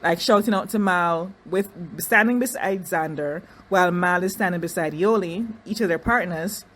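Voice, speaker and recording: A woman's voice: lowish voice, normal speed. Chatty woman recapping reality TV. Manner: chatty, animated, restarts and asides, mocking impressions. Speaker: reality TV reviewer. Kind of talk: casual recap commentary.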